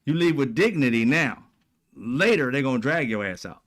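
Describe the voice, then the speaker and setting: A man's voice: mid-range voice, expressive, normal speed. A man hosting casual political commentary, talking bluntly with profane slang and a mocking, sarcastic edge. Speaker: commentary channel host.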